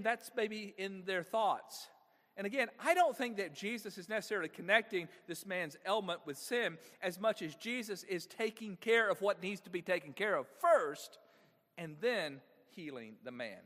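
Male pastor, high-pitched and animated, asks the room questions; big church reverb. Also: normal speed. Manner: engaging, asks the congregation frequent rhetorical questions. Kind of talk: sermon.

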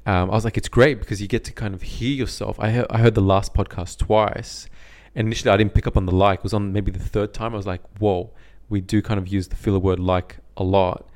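A man's voice: lowish voice, fairly even intonation, brisk, few pauses, darkish tone. A young Australian man co-hosting a podcast, chatting casually and reflectively, often repeating himself as he thinks. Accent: neutral Australian. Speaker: podcast co-host. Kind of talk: casual chat.

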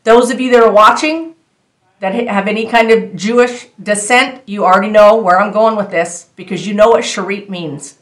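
A woman shares her faith testimony straight to her viewers, earnest and animated in a casual storytelling style. Her medium-pitched voice comes at normal speed and sounds reverberant.

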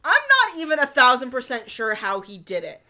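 Woman co-host with a high, swooping voice, tossing in dry wisecracks. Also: expressive, a little fast, sharp tone. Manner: wry, joking reactions. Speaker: podcast co-host. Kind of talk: casual chat.

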